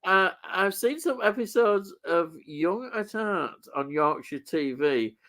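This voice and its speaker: Man hosting a live stream, slow pace, lively pitch, chuckles often, casual chat. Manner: slow, laughs often, muses aloud.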